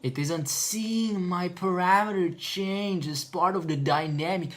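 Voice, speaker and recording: A man's voice: high-pitched, a little slow, hardly any pauses, a bit bright. A man talking to himself while editing video, muttering and swearing in exasperation. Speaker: video editor streaming his work.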